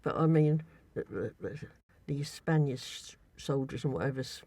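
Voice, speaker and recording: A woman's voice: extremely low pitch, moderate pace, dark tone, no room sound. A woman in a casual chat, recounting her travels in a rambling way with many restarts.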